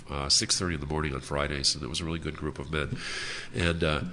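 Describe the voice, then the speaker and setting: A man with a deep voice and a forceful, bright edge shares his personal story at a convention. He talks in an earnest, halting way, often stopping on "uh" and "and, uh" between thoughts. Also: a little hiss or hum. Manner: halting, frequent uh fillers, earnest. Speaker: speaker sharing his story at a recovery convention. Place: hotel convention room.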